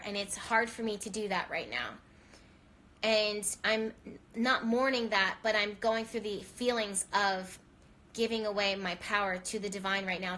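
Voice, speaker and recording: A woman's voice: mid-range voice, sharp tone. A woman hosting a live stream, talking tearfully and earnestly, rambling with many restarts as she cries. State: teary, voice shaking from crying. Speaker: spiritual reader and live-stream host. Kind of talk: emotional live-stream monologue.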